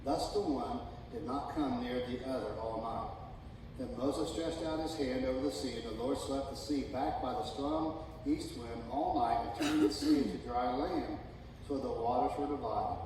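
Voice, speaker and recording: A man's voice: medium pitch, moderate pace, slight background noise. Preaching man in an echoey hall. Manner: reads scripture, then preaches with rising excitement and humor. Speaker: pastor. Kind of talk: sermon. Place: church sanctuary. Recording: echoey church hall from far off.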